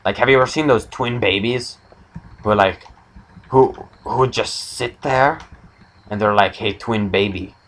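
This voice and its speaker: A young man hosting an improvised comedy chat, rambling through absurd deadpan jokes. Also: mid-range voice, a little slow, long pauses, low-quality recording. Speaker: comedy podcast host.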